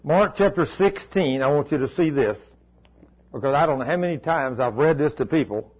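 A pastor preaching a sermon in a folksy, emphatic way that repeats key words, on a dull lo-fi recording. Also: male voice, on the high side, expressive, moderate pace, slightly rough. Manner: folksy storytelling, emphatic repetition.

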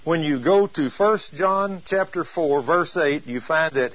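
A male preacher giving an emphatic sermon, drawing out scripture quotes slowly for weight. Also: a little high, lo-fi sound.

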